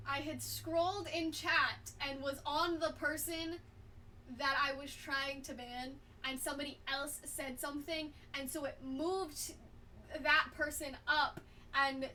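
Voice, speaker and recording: Young woman streamer, high voice, flustered and apologetic, swings between hushed and loud, casual chat. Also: steady tone, slow, a little hiss or hum. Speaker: livestreamer.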